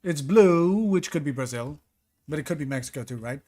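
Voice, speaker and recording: A man's voice: fairly high pitch, animated, a little fast, warm tone. Man thinking aloud while streaming a game. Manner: thinks aloud, second-guessing himself. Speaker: streamer playing a geography game. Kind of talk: live-stream commentary reading chat.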